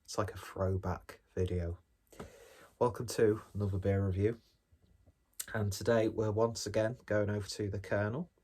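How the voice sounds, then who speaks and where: A man's voice: lowish voice, level tone, normal speed, warm tone, husky. A man casually reviewing a beer on his vlog in a rambling, jokey, self-deprecating way.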